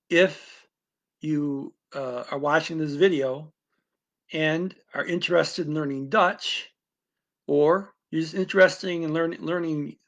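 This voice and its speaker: Rambling man with a gravelly voice. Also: a little high. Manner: rambling, many restarts and fillers. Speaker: language teacher. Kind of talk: casual unscripted explanation to camera.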